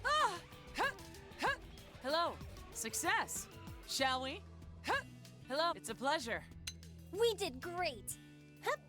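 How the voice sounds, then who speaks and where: An upbeat young woman soldier from a video game, her voice very high and lively, swooping up and down. She speaks in slow, bright little battle quips. Soft game music runs underneath. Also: exaggerated voice. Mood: perky. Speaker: selectable player character voice.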